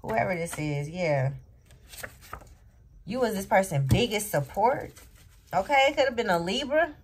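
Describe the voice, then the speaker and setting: A woman's voice: medium pitch, animated, a little slow, slight background noise. A woman giving a casual tarot reading, rambling and asking "okay?" again and again. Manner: rambling, repeats "okay?" often. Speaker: tarot reader.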